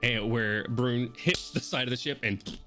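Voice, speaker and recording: A man running a tabletop game as game master, narrating scenes in a relaxed way and laughing easily. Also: medium pitch, a little slow, over music.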